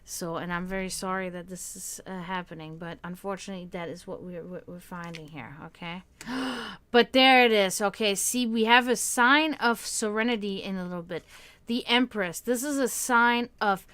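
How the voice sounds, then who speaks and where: A woman doing tarot readings on a casual live stream, who now and then breaks off to softly comfort her cat. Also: mid-range voice, moderate pace, smooth. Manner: soothing baby talk to her cat, then plain card reading. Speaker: tarot reader and stream host.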